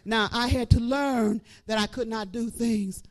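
Older man, church preacher; fervent, exhorting delivery that swells to shouts; very high register. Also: fairly even intonation, unhurried. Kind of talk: preaching sermon.

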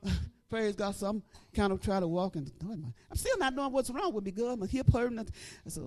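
A middle-aged woman preacher giving an animated testimony, breaking into praise and shouting at the peaks. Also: mid-range voice, brisk, hardly any pauses. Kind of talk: testimony sermon.

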